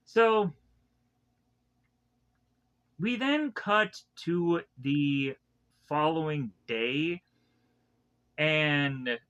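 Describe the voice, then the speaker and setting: A man with a bright, tense, somewhat high voice recaps anime episodes in a loose, rambling way, restarting his sentences often. He keeps slipping into quick, animated impressions of the characters as he goes. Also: smooth, dull audio. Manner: rambling, loosely retells scenes with many restarts. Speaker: anime reviewer.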